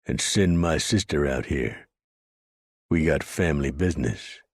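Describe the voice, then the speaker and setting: A man's voice: extremely low pitch, unhurried, no echo, studio quality. A man doing a sneering ruthless outlaw. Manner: sneering, contemptuous. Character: swaggering, ruthless male outlaw gang member.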